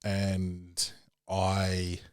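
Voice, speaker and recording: A young Australian man hosts his own podcast, casually reviewing films solo in a lowish voice, loose and profane, with fillers and restarts. He acts out others' lines with sudden jumps up in pitch, yet his delivery is completely flat and extremely slow, his tone clear and resonant. The sound is dry and close, with no room sound.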